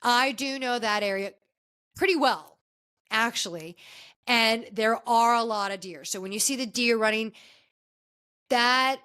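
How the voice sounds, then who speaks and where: A woman's voice: on the high side, unhurried, pauses often, bright, forceful tone, clean tone. A woman hosting a podcast, chatting casually and gossipily through a reality show recap with many restarts. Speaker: podcast host.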